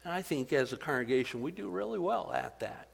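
Conversational preacher in a reverberant hall. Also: male voice, on the high side, fairly quick, vocal fry, slightly rough. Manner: conversational, animated preaching with rising emphasis. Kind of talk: sermon.

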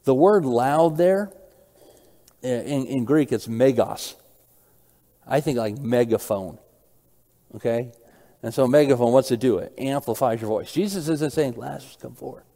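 Mellow-voiced man preaching in a reverberant hall. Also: mid-range voice, measured pace, long pauses. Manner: explains scripture with rhetorical questions. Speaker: pastor. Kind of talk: expository sermon.

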